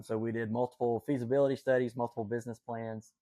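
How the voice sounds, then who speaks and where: A man's voice: mid-range voice, level tone, fast talker, a little mellow, no room sound. A man with a Southern Appalachian accent, telling stories as a podcast guest in an enthusiastic, folksy way. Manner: enthusiastic, folksy, lots of fillers. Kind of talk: casual storytelling chat.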